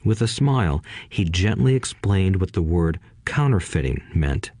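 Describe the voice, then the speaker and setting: A man tells a first-person childhood memoir in a calm, measured audiobook style. His voice is very deep and low. The recording is close and dry, with no room sound. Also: no room sound. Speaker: narrator.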